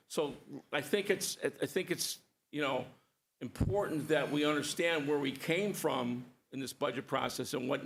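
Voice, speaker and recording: A man's voice: mid-range voice, gravelly, a bit bright, a little hiss or hum. A man on a school board arguing his point at a public meeting, emphatic and repetitive, stacking points one after another.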